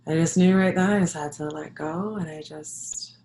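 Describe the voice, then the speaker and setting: A woman with a low voice, roughened by vocal fry, tells a personal story from her childhood. She talks reflectively and haltingly, with soft laughs. Her voice echoes around the room. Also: fairly even intonation, a little hiss or hum. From Jamaica. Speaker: holistic health practitioner and yoga instructor.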